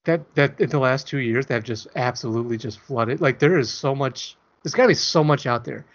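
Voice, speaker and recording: Over dull lo-fi audio, a podcast co-host chats casually, rambling, joking and putting himself down. He's a man with a mid-range voice who speaks a little fast.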